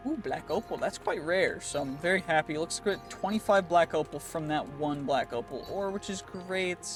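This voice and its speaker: A man narrates his gameplay in a loose, chatty stream, excitable and prone to restarting sentences as he thinks aloud. His voice sits fairly high for a man. Clear background music plays under him the whole time. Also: normal speed. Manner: chatty, excitable, talks through his moves with frequent restarts. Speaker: gaming channel host. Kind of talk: casual gameplay commentary.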